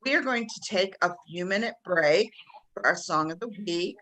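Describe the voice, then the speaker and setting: A woman with a Southern American drawl talks with easy enthusiasm as she co-hosts a relaxed chat show. Her voice sits low but carries a bright, forceful edge. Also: poor audio. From Southern United States. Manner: chatty and enthusiastic, quick to laugh. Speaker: podcast co-host. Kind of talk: casual chat.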